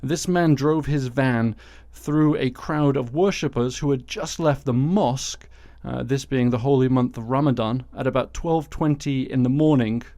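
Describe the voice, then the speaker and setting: A man's voice: mid-range voice, moderate pace, hardly any pauses, warm tone, no room sound. Guy hosting a satirical news podcast, sarcastic dry jokes, close dry mic. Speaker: podcast host.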